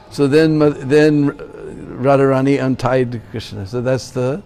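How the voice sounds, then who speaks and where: A man's voice: mid-range voice, steady tone, slow pace, gravelly, darkish tone, a little hiss or hum. A man preaching in a temple, telling a sacred story and checking in with his listeners. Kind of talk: sermon storytelling.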